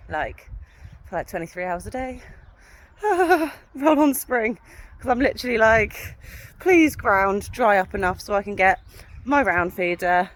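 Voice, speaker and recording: Blunt, sweary woman ranting outdoors. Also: on the low side. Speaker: vlogger and horse owner. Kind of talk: casual ranting vlog. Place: outdoor horse yard.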